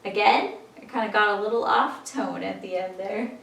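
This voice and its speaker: A woman's voice: medium pitch, moderate pace, gravelly. A woman teaching a memory lesson in a patient, encouraging way, guiding listeners through a rhythmic chant. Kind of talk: classroom-style lesson. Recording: echoey room, distant mic, loud background noise.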